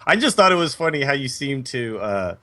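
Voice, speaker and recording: A man from Texas with a slight Texan accent co-hosting a gaming podcast in an upbeat, animated way. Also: medium pitch, a little fast. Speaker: podcast co-host. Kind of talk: casual chat.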